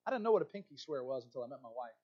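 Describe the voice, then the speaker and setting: A man's voice: medium pitch, very animated, very fast, breathy edge, lo-fi sound. A man preaching a sermon, reading scripture with rising emphasis and turning often to speak to the congregation. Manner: expository preaching with asides to the congregation. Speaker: pastor.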